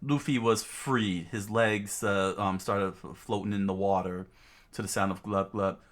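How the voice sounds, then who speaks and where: A man casually reading a manga aloud, halting often with fillers and restarts. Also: low voice, level tone, a bit bright. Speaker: reader.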